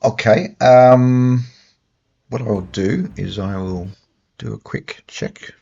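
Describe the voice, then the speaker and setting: A man narrating a tabletop horror game as game master, speaking haltingly with many fillers and restarts. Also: medium pitch, gravelly, dark tone, husky. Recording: dull lo-fi sound with faint music.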